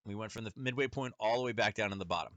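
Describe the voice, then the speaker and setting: A man's voice: fairly low pitch, rapid-fire, a bit bright, no echo, highs cut off. A man hosting a casual trading lesson, talking through charts in a rambling, conversational way with many fillers and self-corrections. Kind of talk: casual screen-share lesson.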